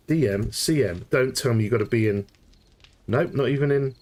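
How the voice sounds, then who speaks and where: A man hosting a live gameplay tutorial, thinking aloud and getting excited as he works things out, often restarting sentences. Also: mid-range voice, a little fast. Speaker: tutorial host.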